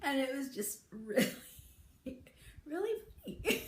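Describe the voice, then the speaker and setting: Casting note: woman vlogger, high voice, unhurried, giggly storyteller, echoey room. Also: big pitch swings. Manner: giggly, laughing through the story. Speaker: beauty vlogger. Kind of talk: casual storytelling.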